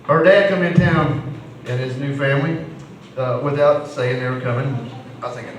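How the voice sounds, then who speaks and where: A middle-aged male stand-up comedian performs amateur comedy at a live venue, his medium-pitched voice moving at normal speed. His storytelling is rambling and folksy, with restarts. The mic is distant, the room echoey, and the ambience noisy.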